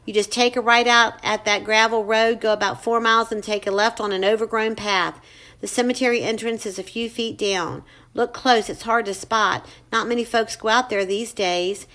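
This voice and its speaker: A woman's voice: on the high side, fairly even intonation, moderate pace, fairly bright tone, lightly acted. Woman doing a weary grieving old mother. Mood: sorrowful. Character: weary grieving older mother, hollow and tired.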